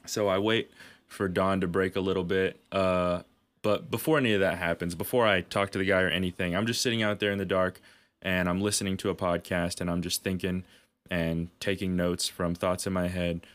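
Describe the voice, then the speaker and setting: A man's voice: deep voice, flat delivery, fairly quick, fairly bright tone. A man co-hosting a podcast, telling rambling stories in casual chat, swearing freely and laughing at himself. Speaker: podcast co-host.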